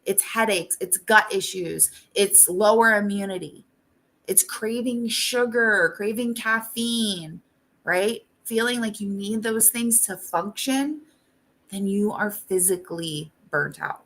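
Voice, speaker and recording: A woman's voice: medium pitch, slow, fairly bright tone. A woman life coach hosting a talk show, speaking casually and bluntly, swearing freely and checking in with "right?" after most points.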